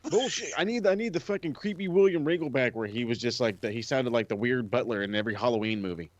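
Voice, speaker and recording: A man's voice: mid-range voice, fast. A man co-hosting a wrestling podcast, swearing a lot and sounding exasperated. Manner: profane, exasperated, animated. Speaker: podcast co-host. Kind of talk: casual podcast banter.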